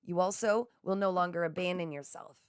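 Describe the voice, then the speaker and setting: A woman's voice: fairly low pitch, a little fast, clear, resonant tone, no room sound. A woman giving a live tarot reading, effusive and encouraging, speaking straight to her viewers. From Canada. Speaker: psychic reader.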